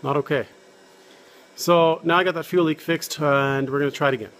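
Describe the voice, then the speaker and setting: A man's voice: fairly high pitch, fairly even intonation, fairly quick, fairly bright tone, a little hiss or hum. Joking man fixing an old car. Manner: jokey, self-deprecating, talks while working. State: out of breath. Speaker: car hobbyist vlogger. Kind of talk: casual garage vlog. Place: home garage and driveway.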